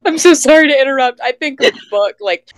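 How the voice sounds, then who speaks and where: A woman's voice: high voice, no room sound. A woman tabletop player talking casually and giggling between words. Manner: giggly, slow and lively. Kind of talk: casual role-play over voice chat.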